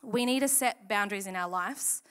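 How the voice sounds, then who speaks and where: A woman's voice: mid-range voice, normal speed, smooth. A woman giving a casual, candid sermon talk at church, acting out quoted lines in a chatty way. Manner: chatty, candid, animated quoting. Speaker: church speaker.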